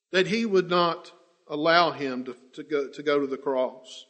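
High-voiced impassioned male preacher. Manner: impassioned, swings from loud to hushed, drawn-out emphasis. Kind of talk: sermon.

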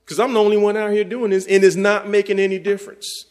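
A man's voice: sits high, flat delivery, quick pace, voice pushed up, natural voice. A man acting out a weary, discouraged prophet who feels he stands alone, pleading and frustrated. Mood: despairing.

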